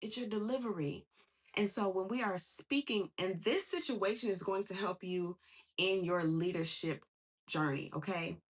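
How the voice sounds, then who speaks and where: A woman with a husky, slightly low voice gives a casual tarot reading. She speaks in an animated, slangy way. She keeps acting out the voices of the people she quotes. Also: unhurried. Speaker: tarot reader.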